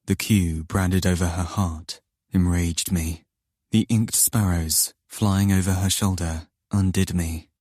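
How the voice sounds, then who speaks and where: A man narrating an audiobook in first person, in a slow, low, intimate and brooding manner. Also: dark tone, no room sound, clean studio sound.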